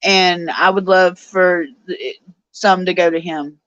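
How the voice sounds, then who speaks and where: A woman's voice: fairly low pitch, steady tone, slow, fairly bright tone. A woman, hosting a casual live stream, chatty and tearful as she reads messages from viewers. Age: 40s. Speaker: show host reading live chat. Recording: dull, lo-fi sound.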